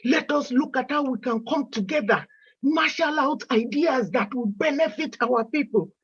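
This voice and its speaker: A woman's voice: high-pitched, moderate pace, husky, lo-fi sound. A woman speaking with emotion on a video call, pleading and asking the same questions again and again. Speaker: caller in an online meeting. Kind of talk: impassioned plea.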